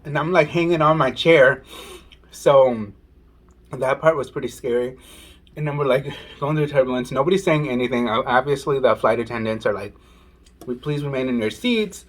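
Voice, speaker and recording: A man vlogging while eating, telling a story in a casual, animated way and saying "y'all". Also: medium pitch, normal speed. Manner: animated, says "y'all" and "oh my goodness". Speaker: mukbang vlogger.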